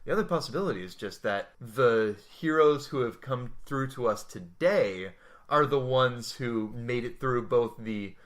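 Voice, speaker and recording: A man's voice: mid-range voice, a little slow, fairly bright tone. A man co-hosting a podcast, chatting casually about comics and war history with thoughtful tangents. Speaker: podcast co-host.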